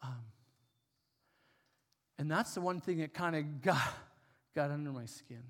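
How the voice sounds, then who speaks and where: Man, pastor, casual storytelling sermon, slightly high pitch, reverberant hall. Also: measured pace. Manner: conversational, with fillers and animated retelling.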